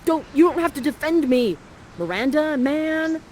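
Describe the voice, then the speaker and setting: A macho young prince, put on by a woman, draws out his words slowly and grandly, mixing lofty speech with surfer-dude slang. His voice sits somewhat higher than her usual talk. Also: lively intonation, a little mellow, a little hiss or hum. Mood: laid-back.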